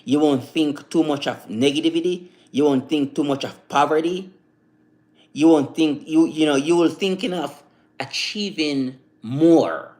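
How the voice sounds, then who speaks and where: A man hosting a live stream, giving a casual motivational talk that rambles and repeats, full of "you know" fillers. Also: a little high. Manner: recites slow calm affirmations.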